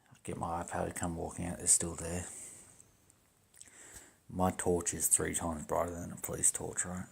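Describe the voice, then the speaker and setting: A man chats casually to his viewers in a blunt, profane way. His voice sits very low, with a gravelly, creaky texture. He sounds indignant as he talks. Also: monotone, normal speed.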